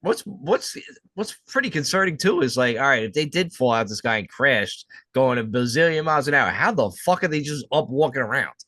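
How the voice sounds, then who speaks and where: A man's voice: mid-range voice, lively intonation, brisk, pushed and bright, no room sound. Give me a young man podcast co-host, speculative and casual, recorded dry. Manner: speculative, musing, casual profanity. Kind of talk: casual chat.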